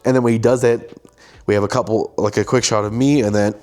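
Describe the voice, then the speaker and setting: A young man hosting a casual show, telling a story with animated delivery and acting out what people said. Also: lowish voice, quick pace. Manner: animated, acts out quoted lines. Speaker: host, filmmaker.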